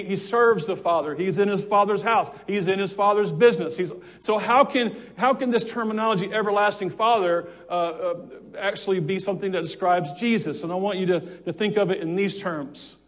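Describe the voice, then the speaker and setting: A male pastor preaching a sermon, fervent and repetitive, with stammered restarts, swinging between loud exclamations and quiet asides. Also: high voice.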